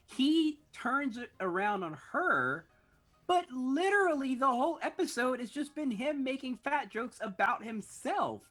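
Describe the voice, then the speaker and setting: A woman's voice: high-pitched, big pitch swings, a little slow, fairly bright tone, soft background music. Hesitant, wry female podcast co-host. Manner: hesitant, self-correcting, wry. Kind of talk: casual recap chat.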